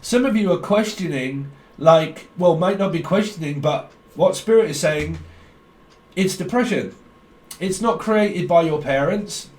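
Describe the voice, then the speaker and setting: A man's voice: a little high, unhurried. Rambling man reading tarot in an echoey room. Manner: stream-of-consciousness, blunt, swears freely. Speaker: tarot reader. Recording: echoey room, distant mic.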